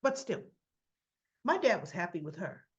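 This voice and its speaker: A woman giving a casual, chatty recap of a soap episode, addressing her viewers directly in an animated, gossipy way. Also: fairly low pitch, moderate pace, lo-fi sound. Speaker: soap opera recap vlogger.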